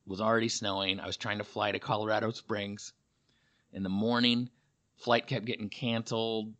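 A man's voice: on the low side, flat delivery, moderate pace, a bit bright. A male comedian talking through a casual, rambling monologue, full of fillers and self-deprecating asides. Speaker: comedian and podcast host.

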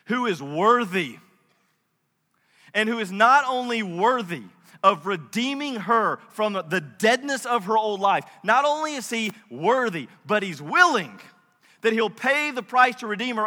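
Bright-voiced preaching man in a hall. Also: very high-pitched. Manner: conversational, emphatic preaching with asides. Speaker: pastor. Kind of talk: sermon.

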